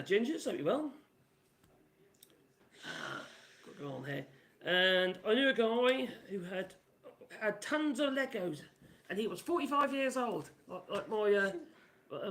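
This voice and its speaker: A man's voice: high voice, expressive, measured pace, a bit bright. Chatty man in his sixties. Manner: rambling and chatty, reads out chat messages. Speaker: livestream host. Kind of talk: casual live-stream chat.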